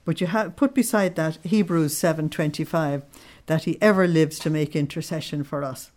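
A woman's voice: deep voice, normal speed, a little mellow. A woman giving a devotional study talk, explaining religious readings and checking in with her listeners as she goes. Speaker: religious teacher.

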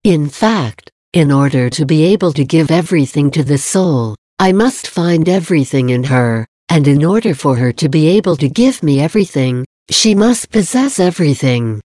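A woman reading the words of Jesus as a gentle, loving male divine speaker, in a measured, earnest devotional reading. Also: sits low, animated, no echo, clean studio sound. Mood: tender.

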